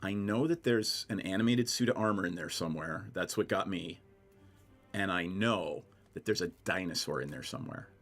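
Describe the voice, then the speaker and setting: A man's voice: deep voice, normal speed, a bit bright, faint music behind, voice pushed down. A man voicing an eager young male student who pleads earnestly with his peers.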